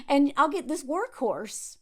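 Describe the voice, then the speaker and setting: A woman's voice: high-pitched, sing-song, slow pace, heavily acted. A woman with a Southern US accent voicing a smug older man scheming for free care, in a mocking, self-satisfied tone.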